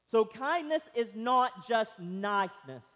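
A man with a high voice preaches slowly and emphatically, swinging from loud stresses to near-quiet asides. The sermon rings through a church hall with a long trailing reverb. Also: expressive. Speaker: pastor.

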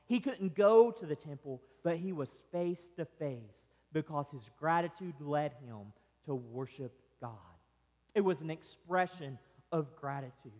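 A male pastor preaching a sermon, swinging between loud excitement and soft quiet. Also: a little high. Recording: long hall reverb.

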